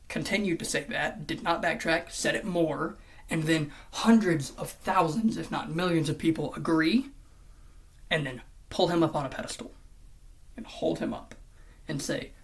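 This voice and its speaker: A vlogger ranting in commentary style, swearing often and swinging between loud outbursts and hushed near-whispers. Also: mid-range voice.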